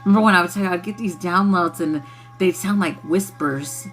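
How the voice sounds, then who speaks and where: A woman's voice: on the low side, fairly quick, fairly bright tone, soft background music. A woman hosting a casual spiritual livestream who laughs often and swears freely in a loose, playful way. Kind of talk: casual chat with viewers.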